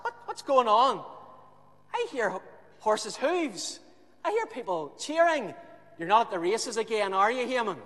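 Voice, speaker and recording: Brief: man doing a high, shrill, nagging wife on the phone, echoey hall. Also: big pitch swings, a little slow, fairly bright tone, heavily acted. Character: fretful wife phoning her husband.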